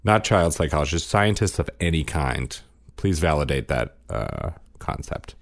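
A man co-hosting a parenting podcast, telling family stories in casual chat and sometimes mimicking his kids in a high voice. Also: big pitch swings, unhurried, vocal fry. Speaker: podcast co-host, father. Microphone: studio microphone.

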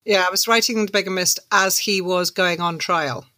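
A woman, an author telling her story as an interview guest, animated and laughing through her anecdotes. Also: on the low side, moderate pace, no room sound. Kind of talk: conversational storytelling.

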